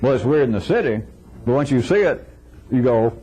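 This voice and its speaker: Animated man lecturing with wry humor. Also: mid-range voice, brisk, slightly rough, poor audio. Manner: animated, acts out dialogues with shifting voices; wry, chuckles often. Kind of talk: informal philosophical lecture to a live audience.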